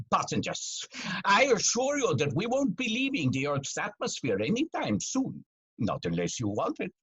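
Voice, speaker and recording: An actor playing a pompous male airline captain who drawls grandiose, suggestive announcements in a raspy voice. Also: high-pitched, a bit bright, heavily acted. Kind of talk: comedic audio drama acting.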